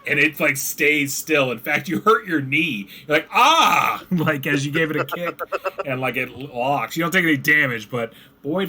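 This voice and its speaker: A man runs a tabletop game as game master, with a bright, forward tone. He narrates loosely, filling the gaps with likes and ums. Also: mid-range voice.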